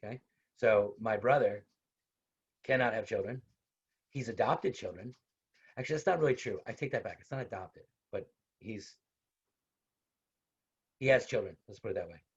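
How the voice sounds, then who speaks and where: A man's voice: on the low side, moderate pace, pauses often, husky. A man teaching a casual online university lecture, talking conversationally, repeating his points and adding personal asides. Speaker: university instructor. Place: online video class. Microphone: video call. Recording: dull lo-fi video call audio.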